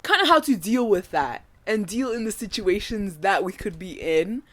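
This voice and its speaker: A woman's voice: mid-range voice, expressive, moderate pace, fairly bright tone. A woman in her twenties from Canada, telling a story in casual vlog chat, emotional, laughing often and swearing freely. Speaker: vlogger.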